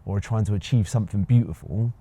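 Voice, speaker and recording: A young actor from Bristol, England, is interviewed and reflects in casual conversation, hesitating with many ums and restarts. He talks fast in a lowish, mellow voice with a breathy edge.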